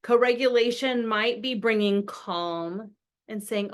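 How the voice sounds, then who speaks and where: A woman's voice: on the high side, a little slow. A middle-aged woman explaining parenting ideas in an earnest way, acting out what a parent might say with big emotion. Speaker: parenting expert. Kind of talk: explaining to camera.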